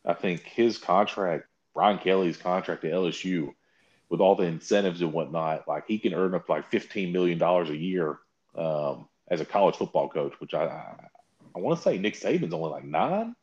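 A man with a very deep voice tells a story in casual chat, jumping up sharply in pitch when he mocks what others said. The audio is a little muffled and lo-fi, and he swears freely as he rants. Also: moderate pace. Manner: animated storytelling, mocking quotes with big pitch jumps.

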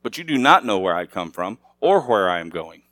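A man's voice: lowish voice, sing-song, brisk, sharp tone, no room sound. A middle-aged man preaching a sermon as pastor, talking casually with the congregation and rising to emphatic, raised passages.

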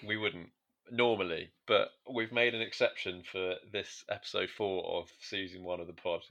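A man's voice: sits low, fairly even intonation, moderate pace, fairly bright tone. A man co-hosting a comedy podcast, chatting casually with stumbles and restarts. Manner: hesitant, stumbling restarts, dry. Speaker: podcast co-host.

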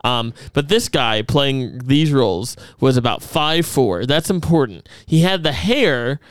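Brief: young male podcast host, smooth and chatty, dry close sound. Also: medium pitch, measured pace, no room sound. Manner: chatty, animated, laughs often. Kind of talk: casual chat.

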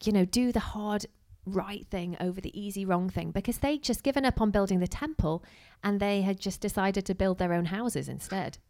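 A woman's voice: medium pitch, normal speed, hardly any pauses. Chatty woman preaching. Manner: chatty and animated, acting out quotes with asides. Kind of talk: casual sermon.

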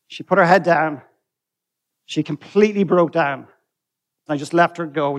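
A man's voice: a little high, brisk. An Irish man on stage telling a personal story and acting out the dialogue with the people in it. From Ireland. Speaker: speaker on stage. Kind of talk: storytelling talk.

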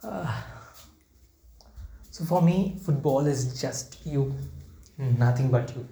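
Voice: mid-range voice, slow pace, vocal fry, mellow. A young adult football fan talking in an unscripted vlog, rambling, repeating words and near tears. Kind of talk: emotional unscripted vlog talk. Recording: roomy echo with faint ambient noise.

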